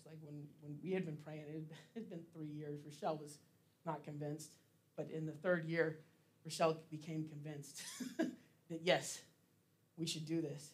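A man giving a casual sermon as pastor, chatty and laughing often, with plenty of fillers. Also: fairly high pitch.

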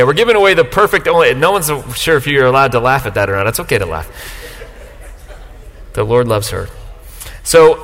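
A man preaching a sermon to a live congregation, joking and swinging between loud bursts and quiet asides. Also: mid-range voice. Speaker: pastor. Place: church sanctuary, live congregation. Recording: long hall reverb.

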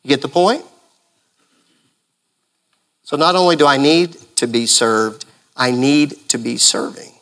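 A male pastor preaching a sermon in an animated way, full of rhetorical questions. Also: mid-range voice, a little slow, pauses often.

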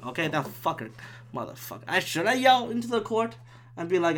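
Alone at home with the window open, a former stand-up comic rants on his solo podcast, profane, rambling, and exasperated. His voice sits high and sounds a bit bright, very animated and a little fast.

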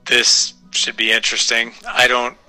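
A man in his forties chatting casually as a podcast guest, self-deprecating and quick to laugh. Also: medium pitch, monotone, sharp tone, faint music behind, rough recording. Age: 40s. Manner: self-deprecating, laughs often, breaks into playful voices. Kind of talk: casual interview chat.

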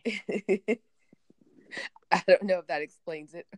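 A woman's voice: lowish voice, takes it slowly, darkish tone, dry recording. A woman in casual conversation, rambling and chatty and laughing often. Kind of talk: casual chat.

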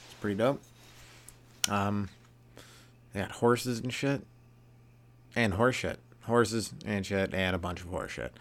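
A young man hosting a comedy podcast, rambling through a casual monologue, swearing and laughing at his own jokes. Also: fairly low pitch.

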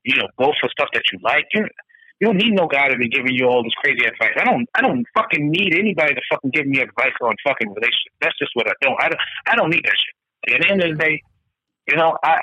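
A man's voice: mid-range voice, a little fast, pushed and bright, husky, dry recording. A man co-hosting a casual podcast chat, ranting emphatically with a lot of profanity. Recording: dull lo-fi dry recording.

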